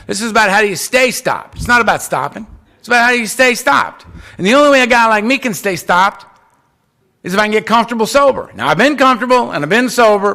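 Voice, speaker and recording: A middle-aged man at a conference podium microphone, telling his recovery story in an animated way and acting out what other people said. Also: high voice, gravelly. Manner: animated, acts out quoted voices, swings between loud and hushed. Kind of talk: personal storytelling talk. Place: conference hall.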